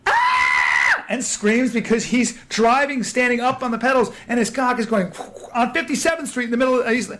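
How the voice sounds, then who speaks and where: A man telling a profane, animated story in casual talk on a podcast, acting out what people said. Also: extremely high pitch, brisk, few pauses, a little hiss or hum. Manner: animated, acts out quotes, profane. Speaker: podcast guest.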